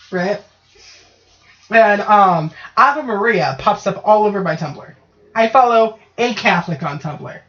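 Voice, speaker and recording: A woman's voice: medium pitch, lively intonation, slow, long pauses, a bit bright. A woman co-hosting a casual podcast, talking loosely and jokily with plenty of swearing and tag questions. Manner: swearing, loose and jokey, frequent "right?". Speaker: podcast co-host. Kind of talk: casual chat. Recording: dull lo-fi podcast audio.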